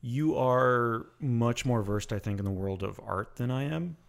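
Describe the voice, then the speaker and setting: A man co-hosting a podcast, chatting casually, joking and thinking aloud with pauses. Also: medium pitch, vocal fry. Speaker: podcast co-host. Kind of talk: casual chat.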